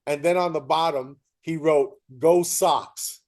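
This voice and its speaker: A man hosting a casual interview, telling lively anecdotes and acting out what people said. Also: fairly high pitch, takes it slowly. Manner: animated storyteller, acts out quoted voices. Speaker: host.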